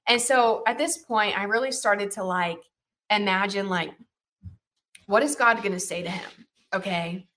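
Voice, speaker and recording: Bright-voiced woman telling a Bible story. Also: medium pitch, unhurried. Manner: chatty, full of fillers like "you know" and "like"; checks in with the listener with "right?" and "okay?". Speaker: guest Bible teacher.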